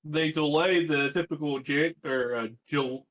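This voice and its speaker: A man's voice: a little high, steady tone, unhurried, a bit bright. Casual man hosting a podcast. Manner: casual, swears, many fillers. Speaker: podcast host.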